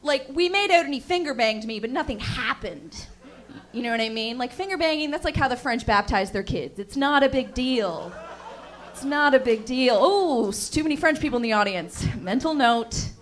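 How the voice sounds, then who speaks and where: A young woman comedian doing a stand-up set, delivering dry, deadpan asides to the crowd. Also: a little high, brisk.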